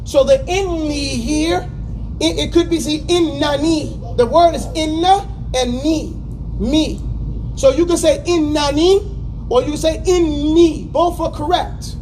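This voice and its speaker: Animated male teacher leading a class. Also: very high voice, unhurried, slight background noise. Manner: animated, repeats words for students to echo; stammers and restarts often. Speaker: teacher of Quran exegesis class. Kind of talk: classroom lesson.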